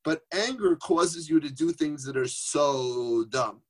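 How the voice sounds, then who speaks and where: A man's voice: on the high side, expressive, takes it slowly, breathy edge. A man teaching Torah informally on a group phone call, conversational, asking rhetorical questions and mixing in Yiddish and Hebrew terms.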